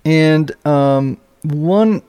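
A man's voice: fairly high pitch, very slow, warm tone, smooth. A man hosting a podcast interview, speaking hesitantly and restarting phrases as he works out his thoughts. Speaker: podcast host. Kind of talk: conversational interview.

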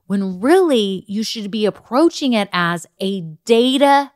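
A woman hosts her own business podcast in an upbeat, chatty monologue with an old-school Valley-girl lilt. She keeps checking in with the listener as she talks, at a middling pitch. The recording is dry and close, with no room sound. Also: expressive, measured pace, hardly any pauses, no echo. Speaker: podcast host and business coach.

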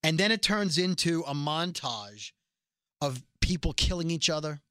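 A man casually recapping a TV episode, telling it in an animated way and acting out the characters' lines. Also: on the high side, moderate pace, clear, resonant tone, no echo, clean studio sound. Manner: animated storytelling, acts out quotes.

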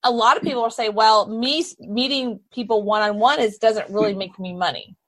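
A woman hosting an interview from her studio, chatty and animated, pushing back on her guest. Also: fairly high pitch, fairly quick. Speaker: podcast host. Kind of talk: casual interview chat.

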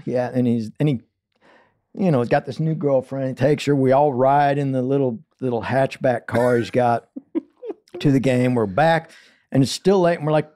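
A songwriter, a man, telling a funny story as a podcast guest and acting out the people in it with raised, shouting voices. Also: medium pitch, fairly even intonation, moderate pace. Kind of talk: animated storytelling.

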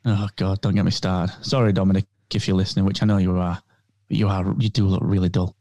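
Brief: male co-host, mellow tone, dry close sound, rambling jokey chat. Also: low-pitched, flat delivery, fast talker, dry recording. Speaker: podcast co-host. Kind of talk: casual chat.

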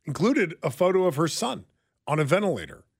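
A man's voice: fairly high pitch, big pitch swings, a little fast, creaky, breathy edge, no room sound, studio quality. A man hosting a talk radio show, wry, blunt and conversational as he gives the call-in number and takes callers. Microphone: studio microphone.

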